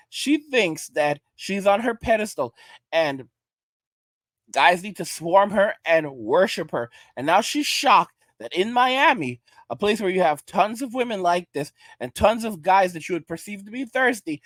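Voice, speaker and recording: A man's voice: sits high, sing-song, moderate pace, fairly bright tone, no room sound. A man from New York giving emphatic reaction commentary, often checking in with his listeners. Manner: emphatic, repeats "all right?".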